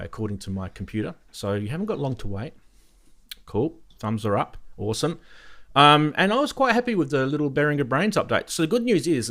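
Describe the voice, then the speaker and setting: A man's voice: medium pitch, a bit bright. A man hosting a live synthesizer stream, chatting casually and laughing often as he greets viewers in the chat. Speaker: host of a live synthesizer show.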